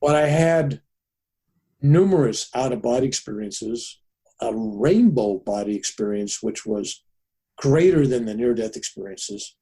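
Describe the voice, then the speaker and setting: A man in his seventies, a podcast guest, telling a personal story in an animated way and acting out the people in it. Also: mid-range voice, a little slow, breathy edge. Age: 70s.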